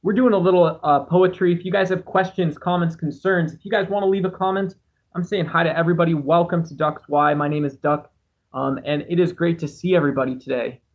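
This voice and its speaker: A man's voice: fairly high pitch, fairly even intonation, fairly quick, muffled recording. A man hosting a casual livestream, reading chat aloud and rambling through musings in a self-deprecating way on a cheap home microphone. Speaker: livestream host.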